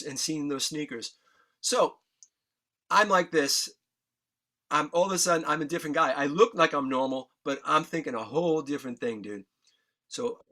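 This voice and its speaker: Choked up, an emotional guest musician from New York recounts his story in a medium-pitched, bright, forceful voice. He's earnest and candid, curses freely, and you can hear the emotion.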